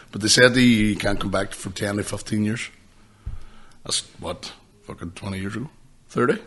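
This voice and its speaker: A man co-hosting a podcast, swearing freely as he tells animated stories in casual chat. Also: fairly low pitch, normal speed, pauses often. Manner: animated storyteller, swears freely, laughs often. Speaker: podcast co-host.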